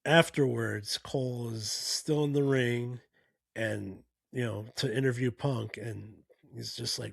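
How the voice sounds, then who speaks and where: A man with a gravelly, rough-edged voice talks through a recap in a loose, casual way. He rambles, restarting sentences and leaning on fillers as he goes. The sound is dry and close, with no room around it. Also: medium pitch, takes it slowly, dry recording. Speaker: podcast host.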